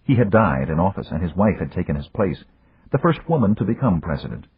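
Deep, very husky male narrator. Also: sing-song, brisk, dry recording. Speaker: audiobook narrator. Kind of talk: scripted narration. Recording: dry, tinny phone-like audio.

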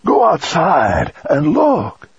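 A man voicing a frail, dying old grandfather with a feeble, croaking voice, speaking slowly and faintly, as if from far off. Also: rumbling low, big pitch swings, dry recording, heavily acted. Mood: urgent excited. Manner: slow, faint, breathy and far-off. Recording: dull lo-fi dry recording.

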